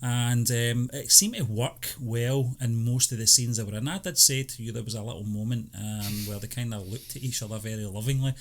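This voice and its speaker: A man co-hosting a film review podcast who talks in a relaxed, hesitant way, often agreeing and filling pauses with "you know". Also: medium pitch. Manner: hesitant, many ums and you-knows, agreeable. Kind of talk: casual chat.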